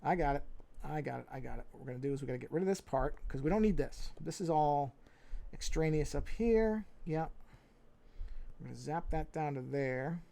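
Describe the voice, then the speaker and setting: A man's voice: mid-range voice, gravelly, warm tone. A man with a New York accent thinking aloud and humming to himself as he narrates his drawing on a casual live stream.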